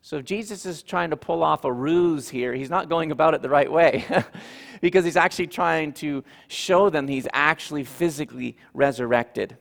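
Gravelly pastor preaching in a reverberant hall. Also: male voice, fairly high pitch, moderate pace, fairly bright tone. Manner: earnest teaching, repeats points for emphasis. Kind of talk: sermon.

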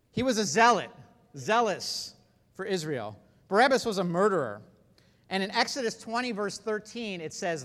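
A man delivers a sermon with a high, lively voice that rises and falls sharply. His preaching is emphatic and animated, and the volume swings widely from quiet asides to loud peaks. The sound carries a long hall reverb.

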